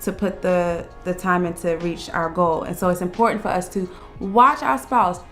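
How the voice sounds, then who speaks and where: A woman co-hosting a casual chat who gives relationship advice in an earnest, step-by-step way, slowing down on key words. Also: fairly low pitch, fairly even intonation, a bit bright, faint music behind. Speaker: co-host of a couples channel.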